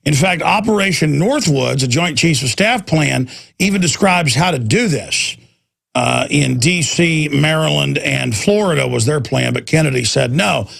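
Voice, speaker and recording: Man, talk radio host, combative rant, very gravelly, somewhat high voice. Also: expressive, measured pace, fairly bright tone. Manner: intense, combative, ranting. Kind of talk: political talk radio monologue.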